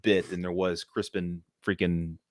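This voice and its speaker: A man co-hosting a casual live-stream movie debate, rambling and getting loud when heated. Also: sits low, flat delivery, a little slow, no echo.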